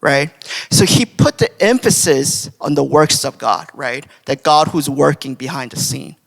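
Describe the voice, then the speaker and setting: A young man with a slightly high, slightly slow voice and some vocal fry delivers a casual devotional sermon in a church sanctuary. He talks conversationally, using lots of fillers and often checking in with "right?" The recording carries the long reverb of a church hall.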